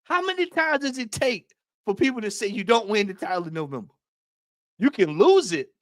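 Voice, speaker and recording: A man hosts a casual late-night livestream, his voice sitting a little high for a man. He talks in an animated way, reading aloud and calling out to his chat. The sound is dry and close, with no room around it. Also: fast, no echo. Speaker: fan channel host.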